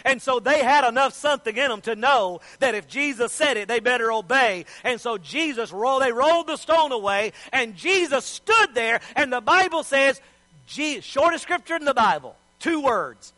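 A man's voice: extremely high pitch, lively intonation, moderate pace, pushed and bright, no echo. A man preaching a sermon, telling the story in a folksy, joking way.

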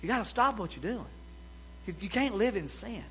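High bright-voiced preaching man. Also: expressive, normal speed, slight background noise. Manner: swings from shouting to hushed, quotes scripture. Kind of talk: revival sermon.

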